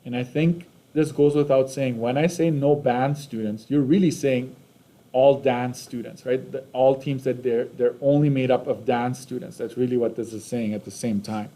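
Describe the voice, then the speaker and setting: Canadian guy teaching math, warm low-key voice, keeps asking "right?". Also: steady tone, moderate pace. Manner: casual, checks in with "right?" and "okay?". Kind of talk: recorded math lesson.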